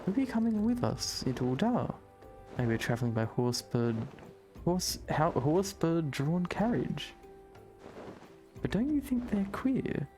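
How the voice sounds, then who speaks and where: A man's voice: fairly high pitch, big pitch swings, unhurried, a little mellow, pitched above the performer's own voice. A man voicing an eager, chatty young boy in a raised, lighter voice, reading game dialogue over faint music.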